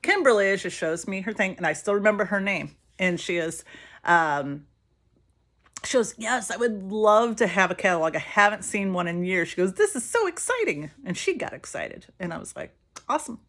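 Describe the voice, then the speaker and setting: A woman's voice: lowish voice, moderate pace, fairly bright tone. A middle-aged woman chatting casually as she does her makeup, giving advice to her sales team and telling a story with voices for the people in it. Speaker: direct sales team leader. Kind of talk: casual vlog advice while doing makeup.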